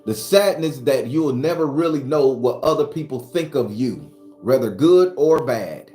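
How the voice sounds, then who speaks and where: Animated and warm, his mid-range voice moves at normal speed. He's the channel's host and a spiritual advisor, giving an emphatic, profane talk with a preacher-like rhythm in an echoey room with faint music.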